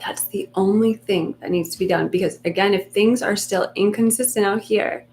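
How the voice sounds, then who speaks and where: A woman giving a soft, unhurried talk on a live meditation stream, reassuring her listeners and sometimes dropping almost to a whisper. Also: mid-range voice, vocal fry, a little hiss or hum. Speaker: meditation coach.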